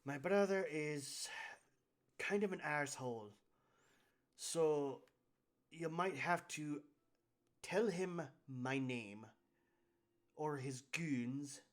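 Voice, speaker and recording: A man's voice: on the high side, drawn-out words, pauses often. A man voicing a brash, blunt woman boss reading out her crude letter in a tabletop game. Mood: gruff.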